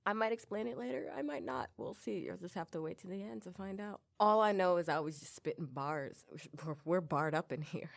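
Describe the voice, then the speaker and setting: A woman's voice: fairly low pitch, lively intonation, brisk, creaky, few pauses. A young adult woman hosting her own podcast, giving a casual, joking commentary and laughing at herself often. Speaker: podcast host.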